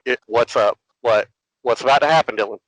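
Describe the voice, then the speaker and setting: A man co-hosting a podcast, telling a long story with lively asides and acting out other voices. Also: medium pitch, brisk, dry recording, low-quality recording. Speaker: podcast co-host. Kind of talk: casual storytelling.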